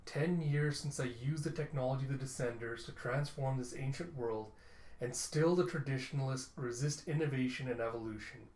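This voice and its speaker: A man voicing a proud male inventor who turns desperate, read slowly and grandly from a comic. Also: mid-range voice, darkish tone, natural voice. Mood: grandiose. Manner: slow, grandiose reading of lines. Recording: roomy echo.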